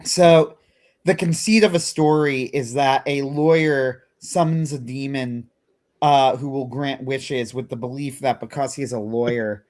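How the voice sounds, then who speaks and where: A man co-hosting a casual livestream chat, retelling a story with animated delivery and frequent filler words. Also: mid-range voice, unhurried. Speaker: co-host.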